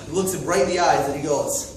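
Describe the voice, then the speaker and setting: A man's voice: a little high, steady tone, a little fast. A young man telling a goofy story in a rambling, slangy way, recorded far from the mic in an echoey, noisy room. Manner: rambling, laughs, slangy asides. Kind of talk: casual comic storytelling. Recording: echoey distant room with noise.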